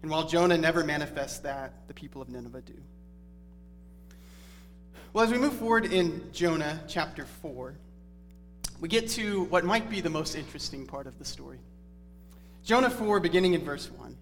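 Man preaching a bible sermon, earnest and chatty, echoey hall, soft music underneath. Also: fairly high pitch, animated, moderate pace, pauses often. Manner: conversational, earnest teaching tone. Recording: reverberant hall with faint music.

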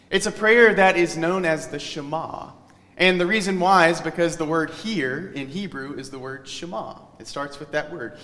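A male pastor delivering a sermon in an earnest, teacherly way, pressing key words and trailing off softly at the ends of phrases. His voice sits a little high for a man. The sound carries a long reverb, as in a church sanctuary.

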